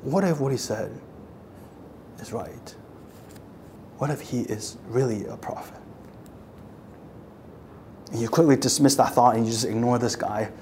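A preacher delivering a sermon, retelling scripture dramatically, dropping to a hush and then rising, and repeating phrases for emphasis. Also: mid-range voice, a little slow, long pauses, a little hiss or hum. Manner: dramatic, swings from hushed to raised voice.

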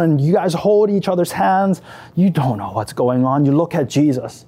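A man's voice: fairly high pitch, animated, a little fast, mellow. A man leading a guided imaginative meditation, telling the story emotively in the second person. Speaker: prayer leader.

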